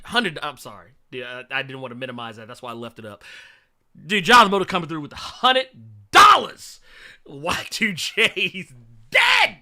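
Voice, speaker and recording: A man's voice: a little high, bright, forceful tone. A man hosting a casual livestream, laid-back and slangy with his viewers, who keeps cracking up laughing and apologizing. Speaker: livestream host.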